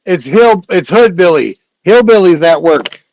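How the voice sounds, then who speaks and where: A man's voice: high-pitched, lively intonation, a little mellow, no echo, muffled recording. Rambling, chatty man hosting a livestream. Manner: rambling and chatty, with filler pauses. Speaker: livestream host. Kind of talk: casual livestream chat.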